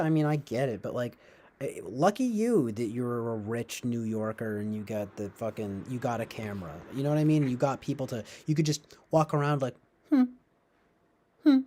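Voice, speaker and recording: His mid-range voice is a little mellow and moves fairly quickly. The man is live streaming, rambling casually through sarcastic asides and regular laughter, often trailing off.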